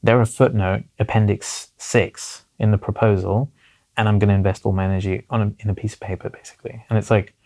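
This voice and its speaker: Low, gravelly-voiced man talking earnestly. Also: fairly even intonation, brisk, a little mellow. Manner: earnest, repeats "basically" and "you know". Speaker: guest. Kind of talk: reflective conversational interview.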